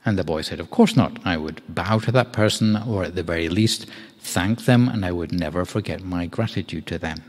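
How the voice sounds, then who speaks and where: Monk, male, very low voice, measured storytelling sermon, hall reverb. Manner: measured, gentle storytelling with occasional fillers. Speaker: monk giving a Dhamma talk. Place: meditation hall.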